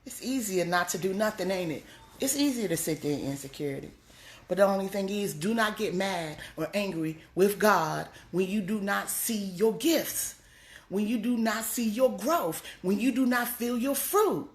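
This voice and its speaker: A woman comedian giving a blunt, scolding motivational talk, pushing her voice up high to drive points home. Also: lively intonation, normal speed, echoey room. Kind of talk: preachy motivational monologue.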